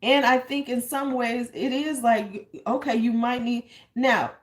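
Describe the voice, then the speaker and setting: A woman beauty vlogger offers casual, blunt, candid commentary, swearing freely and acting out what people said as she retells stories. Her voice is a little high and steady, and she talks a little slowly.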